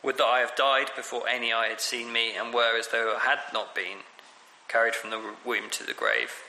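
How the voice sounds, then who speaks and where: A man gives a sermon in a bright, sharp-toned voice, talking it through casually with many ums and restarts. His voice rings around a large echoey hall with a long reverb tail. A faint room hum sits underneath. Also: mid-range voice, moderate pace. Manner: conversational, many fillers and restarts. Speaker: preacher. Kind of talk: sermon on scripture.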